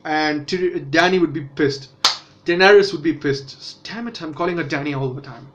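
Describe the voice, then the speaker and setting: Man, high-pitched, casual show review, rambling with restarts, slightly dull lo-fi sound. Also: normal speed, noisy background. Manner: rambling, many self-corrections and fillers.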